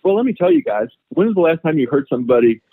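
A man's voice: a little high, sing-song, very fast, slightly rough, dry recording. A man, a farmer guest on a podcast, chatting casually and rambling with lots of filler words. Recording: phone-like narrow sound.

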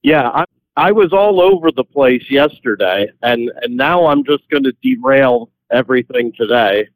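A man's voice: mid-range voice, animated, normal speed, no echo, low-quality recording. Guy calling in to a radio show, rambles on, dry close sound. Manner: rambling, self-correcting. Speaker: caller. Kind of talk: casual phone-in chat.

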